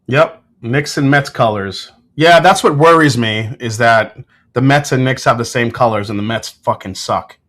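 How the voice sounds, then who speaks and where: A man's voice: mid-range voice, normal speed, fairly bright tone. Laid-back New man tasting whiskey on a livestream. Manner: loose, joking, swears, banters with chat. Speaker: whiskey reviewer hosting a livestream. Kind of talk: casual livestream chat with tasting notes.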